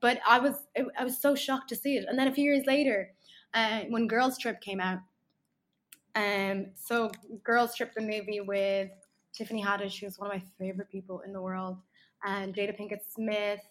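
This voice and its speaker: Animated woman telling stories. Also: medium pitch, normal speed. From Ireland. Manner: animated storyteller, many fillers and restarts. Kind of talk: casual podcast chat.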